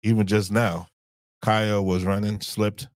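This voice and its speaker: A man's voice: fairly low pitch, flat delivery, a little slow, no room sound. A man co-hosting a casual podcast chat with his wife, rambling and searching for words as he talks. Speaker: podcast co-host.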